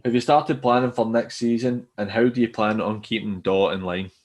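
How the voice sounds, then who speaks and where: A man's voice: on the low side, fairly even intonation, normal speed, a little mellow. A Scottish man co-hosting a football podcast, reading listener questions in a laid-back, blunt way. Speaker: podcast co-host.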